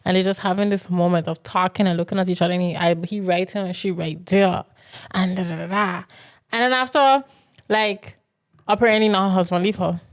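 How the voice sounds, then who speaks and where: A woman's voice: on the low side, fairly even intonation, brisk. A woman co-hosting a podcast in casual chat, telling stories in an easygoing way with loose, informal grammar. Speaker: podcast co-host.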